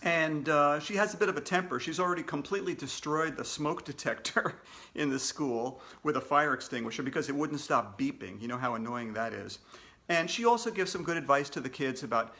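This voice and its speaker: Man, children's author, storybook read-aloud, playful, jokey, bright voice. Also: mid-range voice, a little fast. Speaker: children's author reading his book aloud.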